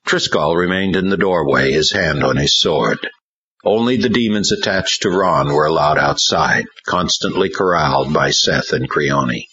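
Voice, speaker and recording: A man's voice: rumbling low, normal speed, sharp tone, breathy edge. A man narrating a spiritual audiobook, telling the story in a dramatic way. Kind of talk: scripted narration. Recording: dull lo-fi recording.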